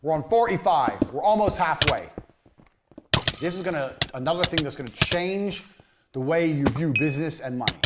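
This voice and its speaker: Blunt man lecturing over loud noise. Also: on the high side, animated, normal speed. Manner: blunt, emphatic and profane. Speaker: business course instructor. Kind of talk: recorded course lecture.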